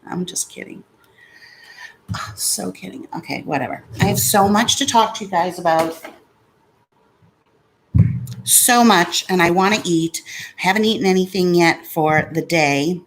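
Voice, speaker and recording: A woman's voice: lowish voice, a little fast, a little hiss or hum. A woman vlogging casually at home, chatty and sarcastic, swearing when something frustrates her. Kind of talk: casual vlog chat. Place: home room with a fan.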